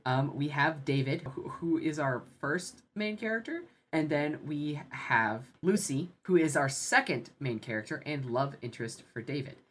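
A woman with an unusually deep, low voice hosts a casual podcast chat. She talks in a measured, deadpan way, a little like a newscaster. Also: a little hiss or hum. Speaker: podcast host.

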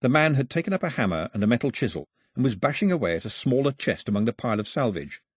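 A man narrating an audiobook as a lively storyteller, in a husky voice, recorded on a close studio mic. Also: mid-range voice, quick pace, no room sound. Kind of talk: scripted narration.

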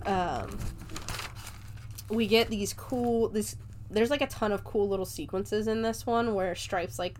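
A woman's voice: medium pitch, a little mellow, slight background noise. A woman recapping a movie in a casual chat, loose and talkative, leaning on "like" fillers and laughing often. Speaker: movie reviewer.

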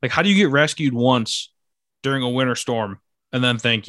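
A man's voice: medium pitch, normal speed, a bit bright, dry recording, clean studio sound. A young man hosting a casual podcast chat, reading news items aloud with lots of fillers. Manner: laid-back, filler-heavy, reads news items aloud. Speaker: podcast host.

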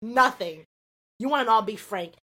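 Young woman, podcast co-host, casual chat, profane, animated storytelling. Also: mid-range voice, brisk.

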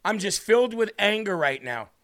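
A man's voice: high-pitched, very animated, moderate pace, fairly bright tone. A man hosting a live-streamed political talk show, fiery and indignant, repeating himself and reading chat comments aloud.

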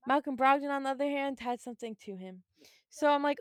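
An animated young woman talks sports in a casual chat, laughing and acting out her reactions. Her voice sits fairly high and comes through smooth and clear. The sound is dry and close. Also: fast talker, dry recording. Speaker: podcast co-host, basketball fan.

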